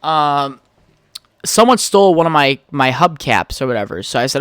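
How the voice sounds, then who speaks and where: A man's voice: a little high, moderate pace, a bit bright, clear, resonant tone, no room sound, studio quality. A young man hosting his own podcast, telling a heated, profane story in a casual rant. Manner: profane, heated storytelling, trails off while texting. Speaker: podcast host.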